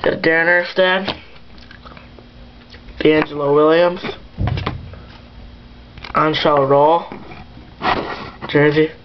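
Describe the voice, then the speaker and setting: A young man in a casual vlog, showing his card collection and naming the cards haltingly, with many fillers. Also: on the high side, fairly even intonation. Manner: mumbling, lists items haltingly with many fillers. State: annoyed after a chipped tooth. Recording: muffled lo-fi home recording with background noise.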